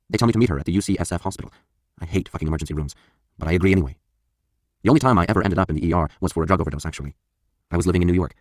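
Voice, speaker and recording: A man's voice: deep voice, no echo, studio quality. A man reading a first-person memoir audiobook in a blunt, confessional, profane manner. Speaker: audiobook narrator.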